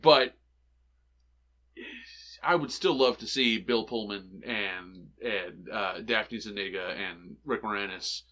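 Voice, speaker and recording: A man's voice: fairly low pitch, takes it slowly, pushed and bright. A man co-hosting a movie podcast in casual chat, eagerly retelling scenes and laughing often. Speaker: podcast co-host.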